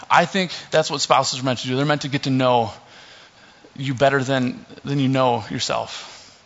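A man's voice: mid-range voice, moderate pace. A young man preaching a casual sermon, reading scripture and slipping in joking asides. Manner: relaxed, joking asides, many fillers. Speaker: pastor. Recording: dull lo-fi recording.

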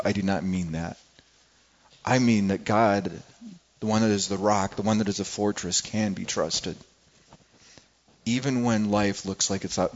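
A male pastor preaching a sermon in an earnest way, often repeating words as he searches for the next one. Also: lowish voice. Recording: dull lo-fi recording.

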